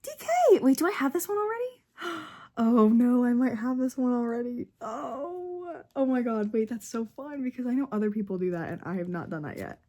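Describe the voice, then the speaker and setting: A woman's voice: on the high side, animated, moderate pace, dark tone. A young woman vlogging as she unboxes albums, gushing and gasping, swinging between squeals and whispers. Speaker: book and K-pop vlogger. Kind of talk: casual unboxing vlog.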